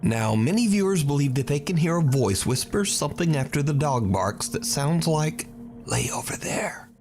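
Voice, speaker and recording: Lively-pitched man narrating with suspense. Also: normal speed, over loud music. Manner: suspenseful storytelling. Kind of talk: scripted narration.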